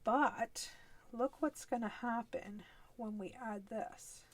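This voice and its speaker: A woman's voice: on the high side, takes it slowly. A woman with a Canadian East Coast accent hosting a live crafting demonstration, chatty and easygoing as she works through each step. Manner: chatty, easygoing, talks while working, frequent little laughs.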